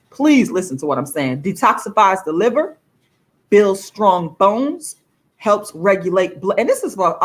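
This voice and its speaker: Talking to "y'all" on her livestream vlog, a woman with a mid-range, somewhat bright voice speaks in a casual, chatty and emphatic manner.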